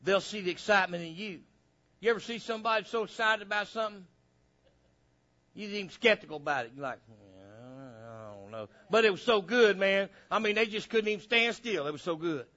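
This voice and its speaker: Preacher guy, high bright voice, acts out lil conversations, kinda muffled recording. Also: quick pace. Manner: animated preaching, acts out little dialogues. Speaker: pastor. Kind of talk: sermon.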